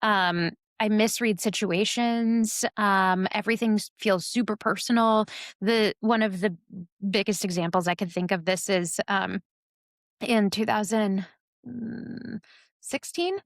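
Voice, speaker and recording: A woman co-hosting a casual podcast, talking in a rambling way with plenty of fillers and easy laughs. Her voice sits at a middle pitch, recorded dry and close. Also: unhurried, dry recording. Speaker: podcast co-host. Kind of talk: casual chat.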